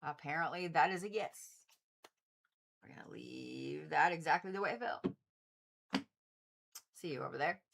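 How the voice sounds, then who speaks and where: A woman's voice: sits low, normal speed, gravelly, long pauses, fairly bright tone, slight background noise. A woman doing casual zodiac card readings on a livestream, chatty and blunt, swearing freely and talking straight to her viewers. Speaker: Reiki practitioner and tarot reader.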